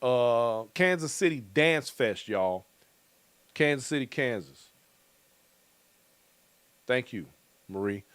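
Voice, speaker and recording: A man's voice: medium pitch, lively intonation, takes it slowly, long pauses, a bit bright, clear, resonant tone, no room sound. A middle-aged male host in loose, joking casual chat, reading out viewer comments and chuckling often.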